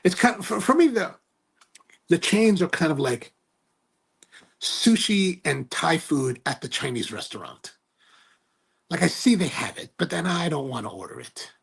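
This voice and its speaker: A man's voice: on the high side, lively intonation, a little slow, gravelly, long pauses, a bit bright, breathy edge. A man hosting a cigar livestream, chatting casually, reading viewer comments and rambling through stories with lots of self-corrections. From United States. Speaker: cigar review livestream host.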